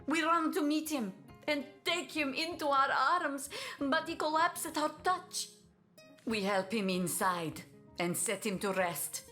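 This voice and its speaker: A fiercely loyal, grieving mother from a video game speaks slow, broken English with a thick Italian accent. Her voice sits a little high, and she stops now and then to hunt for words. Soft game music plays behind her. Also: expressive, full character voice. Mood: sorrowful. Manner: broken English, halting "how you say" asides. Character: middle-aged mother, a grieving, fiercely loyal source hunter.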